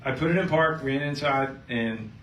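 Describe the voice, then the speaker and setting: A middle-aged man, a chiropractor, speaking to a live seminar audience and telling a patient story with lively storytelling. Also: medium pitch, moderate pace. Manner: storytelling, acting out both sides of a patient story, animated. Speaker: chiropractor giving a health seminar. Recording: echoey room, mic at a distance, faint noise.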